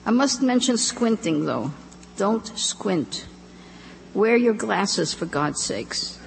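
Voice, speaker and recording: Woman reading the part of an old immigrant father, fussy and insistent, gravelly voice, echoey hall, faint hum. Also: sits high, animated, takes it slowly, heavily acted. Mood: lecturing. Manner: earnest, insistent advice-giving. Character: aging immigrant father, fussy, tender, lecturing.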